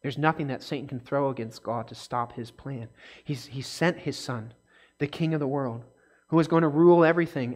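A man teaching a casual Bible study, talking conversationally and checking in often with listeners, and getting animated when reading scripture aloud. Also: mid-range voice, moderate pace.

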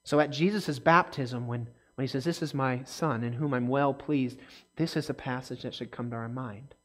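A man teaching a casual Bible study, talking conversationally and checking in often with listeners, and getting animated when reading scripture aloud. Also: mid-range voice, normal speed.

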